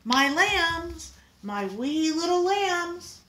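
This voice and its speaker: A woman's voice: extremely high pitch, sing-song, very slow, pushed and bright, slight background noise, voice pushed up, heavily acted. A woman voicing a loving mother who speaks tenderly and emotionally.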